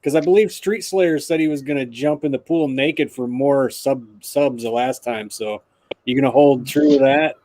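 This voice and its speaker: A man's voice: mid-range voice, moderate pace, mellow. A man chatting casually on a car live stream, joking and laughing often. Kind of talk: casual chat.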